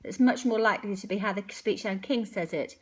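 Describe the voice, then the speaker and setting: A woman teaching a phonics lesson to children, sounding out words slowly and clearly. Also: medium pitch, darkish tone, no room sound.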